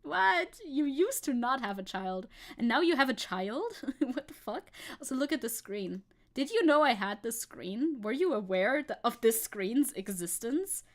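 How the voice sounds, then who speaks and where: A woman's voice: a little high, sing-song, moderate pace. A young woman streaming as a VTuber, chatting casually and rambling, often giggling and reading chat aloud.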